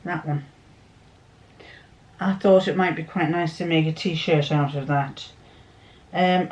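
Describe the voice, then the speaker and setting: A middle-aged woman chatting casually in a sewing vlog, rambling fondly through a homely story. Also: on the low side. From England. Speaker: sewing vlogger. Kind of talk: casual chat.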